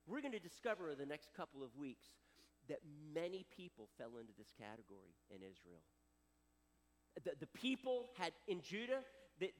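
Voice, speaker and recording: A man preaches a sermon with a high, lively voice that swoops up and down. He delivers it with dramatic flair in a hall with a long echo. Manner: animated, dramatic preaching with acted quotes. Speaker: pastor.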